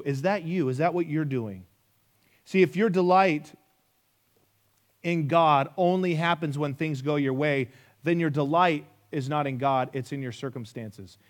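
A pastor in his thirties preaches a sermon in a medium-pitched voice, going a little slowly. He is emphatic, repeats his key phrases, and poses rhetorical questions.

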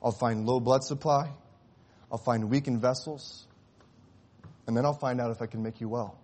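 A man preaching a sermon, telling a story and rising to impassioned cries before dropping to hushed, tender tones. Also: medium pitch, fairly even intonation, moderate pace. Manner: swells to impassioned shouting at climaxes, drops to hushed tones.

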